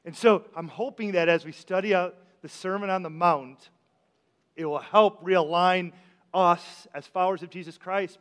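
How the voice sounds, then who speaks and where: A man preaching a sermon as pastor, talking conversationally, asking the congregation questions and often repeating his words. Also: sits high. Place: church sanctuary. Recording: long church hall reverb.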